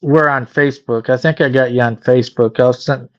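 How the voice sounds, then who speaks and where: A man's voice: mid-range voice, fairly even intonation, a little fast. A man from Michigan chatting easily and folksy on a livestream, joking along. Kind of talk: casual chat on a livestream. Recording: dull lo-fi sound.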